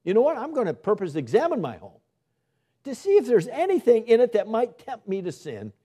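A man's voice: on the high side, warm tone. A man preaching a sermon, putting questions to the congregation, answering them himself and repeating his exhortations with urgency.

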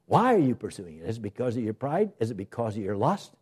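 A man's voice: fairly low pitch, very animated, fast, a little mellow, breathy edge. A male pastor preaching a sermon with emphatic delivery and many rhetorical questions.

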